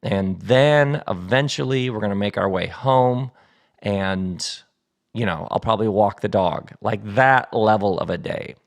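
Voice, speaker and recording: Man, middle-aged, low-pitched, gravelly, chatty podcast host, playful, kitchen table mic. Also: unhurried. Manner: chatty and playful, laughs easily. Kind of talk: casual solo podcast monologue. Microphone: studio mic set up at the table.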